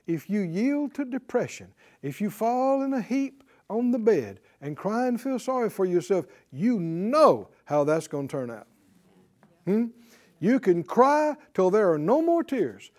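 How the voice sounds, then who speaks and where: A middle-aged man delivers a sermon in a high, swooping voice. He chuckles through his lines and mocks whiny complaints. He drops to a near hush and then bursts out loud. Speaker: preacher.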